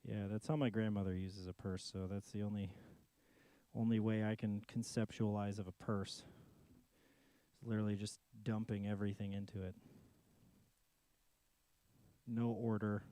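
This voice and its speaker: A man's voice: lowish voice, level tone, moderate pace, warm tone, dry recording. A man casually chatting to himself during a live music stream, rambling and joking while he troubleshoots his gear in a home studio.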